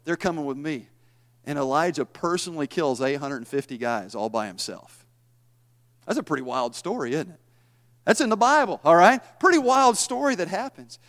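A man preaching a sermon, retelling scripture in a folksy, animated style. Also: a little high, moderate pace. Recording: long hall reverb.

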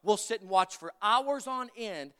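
A man's voice: high voice, lively intonation, unhurried, sharp tone, clear, resonant tone. A male pastor preaching a fervent sermon, repeating phrases and calling for amens from the congregation. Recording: long reverb of a large hall.

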